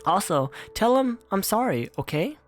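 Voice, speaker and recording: A man voicing a weak, dying mother who coughs and speaks slowly and tenderly to her child. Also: high voice, sing-song, soft background music, voice pushed up. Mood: tender, mournful. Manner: soft, slow, tender pleading.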